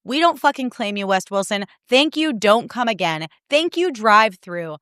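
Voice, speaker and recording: A woman's voice: medium pitch, big pitch swings, moderate pace, fairly bright tone, smooth, no echo, clean studio sound. A young woman from Chicago hosting a podcast, ranting with plenty of profanity in casual chat. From Chicago, US Midwest. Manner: heated profanity-laced rant. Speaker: podcast host.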